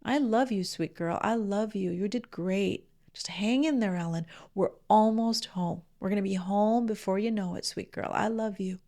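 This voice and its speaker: Gentle older grandmother, hushed and half-whispered, with a gravelly edge to the low tones, as a woman puts her on. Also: moderate pace, few pauses, lightly acted. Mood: soothing. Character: gentle loving older grandmother soothing a child.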